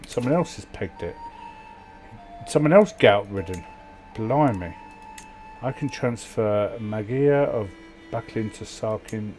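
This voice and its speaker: A man's voice: fairly low pitch, animated, slow pace, long pauses, a little mellow, faint music behind. A man casually commentating a strategy game, sleepy and yawning, reading event text aloud with wry muttered asides. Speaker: gameplay commentator.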